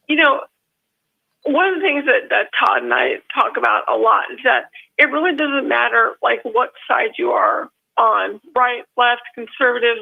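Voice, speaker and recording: She phones a live show as a call-in guest, her fairly high voice creaky, and pours out a heartfelt story through tears. The emotional telling rambles and restarts, all heard over a telephone line.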